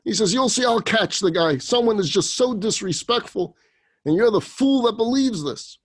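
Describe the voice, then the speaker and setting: A man voicing an indignant, stern rabbi who scolds loudly. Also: sits high, very animated, normal speed, breathy edge, pitched above the performer's own voice, exaggerated voice. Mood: angry. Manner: loud, scolding, incredulous.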